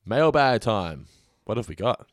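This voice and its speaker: A man's voice: on the low side, very animated, unhurried, no room sound, studio quality. A man co-hosting a podcast in casual chat, rambling with frequent restarts. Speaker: podcast co-host.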